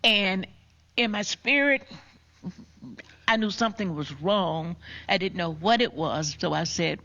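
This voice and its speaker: Older woman, personal storytelling, emotional, slow, hushed quotes, muffled lo-fi sound. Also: mid-range voice. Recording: dull lo-fi recording.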